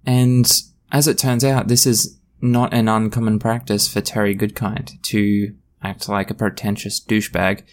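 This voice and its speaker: A man with a low, gravelly voice hosts a solo podcast, talking bluntly and with passion. His delivery is a ranting monologue with plenty of feeling behind it. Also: little pitch movement, unhurried, hardly any pauses. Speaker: podcast host.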